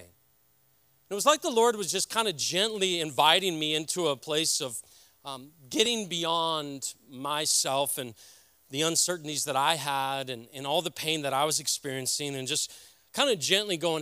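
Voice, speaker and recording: A middle-aged man preaching a sermon as a pastor, earnest and halting, speaking from the heart. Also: a little high, pushed and bright, clean tone, no echo.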